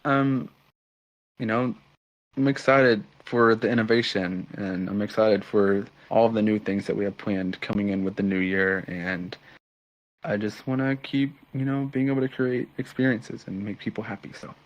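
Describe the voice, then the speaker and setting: A man's voice: fairly low pitch, steady tone, moderate pace, highs cut off. A young man as a podcast guest, chatting cheerfully with frequent ums and laughs. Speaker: podcast guest, community founder. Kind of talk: casual interview chat.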